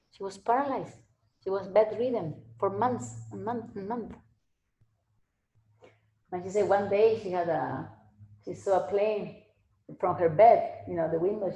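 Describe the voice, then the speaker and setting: A woman's voice: mid-range voice, warm tone. A woman giving a casual spiritual talk and answering questions, rambling and repeating herself, often laughing. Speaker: spiritual teacher. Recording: echoey room.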